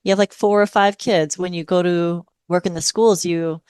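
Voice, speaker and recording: Smooth, low-voiced middle-aged woman explaining. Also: fairly even intonation, normal speed, a little mellow, dry recording. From Hawaii. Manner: patient, explanatory, models phrases in a lilting parent voice. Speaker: speech-language pathologist guest. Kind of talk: podcast interview conversation.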